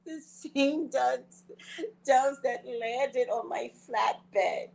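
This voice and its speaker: A woman hosting a spiritual talk show, telling stories in a casual, animated way, often laughing and acting out her own thoughts. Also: a little high, extremely slow, creaky, poor audio. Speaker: psychic reader and show host.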